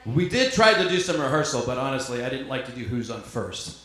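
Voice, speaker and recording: Crude bantering stand-up comedian. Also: male voice, medium pitch, big pitch swings, a little fast, sharp tone. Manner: crude, bantering, self-deprecating asides. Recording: echoey club with crowd noise.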